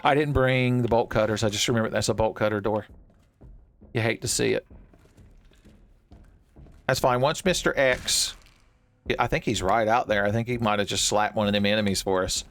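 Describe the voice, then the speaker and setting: A man's voice: lowish voice, normal speed, long pauses. A man hosting a let's play, joking around and talking to the enemies on screen while he plays. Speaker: gaming channel host.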